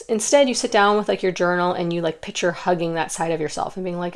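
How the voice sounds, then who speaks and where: Brief: young woman, lowish voice, gentle rambling card reader, lots of "like" and restarts. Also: steady tone, fast talker, hardly any pauses. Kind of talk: intuitive pick-a-card reading.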